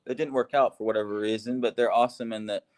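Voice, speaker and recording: A man talking in a casual, upbeat way and laughing easily in a relaxed chat. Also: mid-range voice, quick pace. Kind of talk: casual video call chat.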